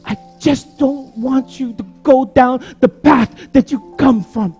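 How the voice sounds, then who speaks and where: A man voicing a gentle policeman softly reassuring a little girl. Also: very high-pitched, steady tone, takes it slowly, husky, soft background music, voice pushed up, heavily acted. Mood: tender. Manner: soft, reassuring. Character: gentle male policeman comforting a child.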